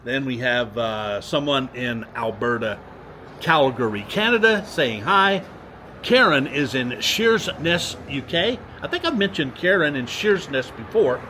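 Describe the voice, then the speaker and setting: A man's voice: medium pitch, lively intonation, unhurried, sharp tone, a little hiss or hum. An older man chatting casually as he walks outdoors, reading viewer comments and repeating his greetings. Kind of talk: casual walking vlog. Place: outdoors downtown street.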